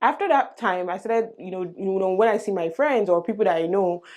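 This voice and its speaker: A woman, casually retelling a personal story to her viewers in an animated way. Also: medium pitch, brisk. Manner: animated, retells conversations with laughs and Nigerian slang. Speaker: vlogger.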